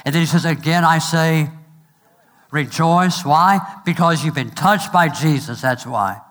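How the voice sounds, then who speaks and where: A middle-aged male pastor preaching a sermon, asking "amen?" and slowing down to stress each point. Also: fairly high pitch, fairly bright tone. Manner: preaching with call-and-response and numbered points; slows to stress phrases, quick asides.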